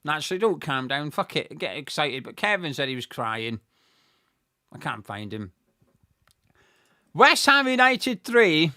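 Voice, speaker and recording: A man giving live fan commentary on a football match, excitable and swearing freely, bursting into shouts at big moments. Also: medium pitch, normal speed, no echo, studio quality.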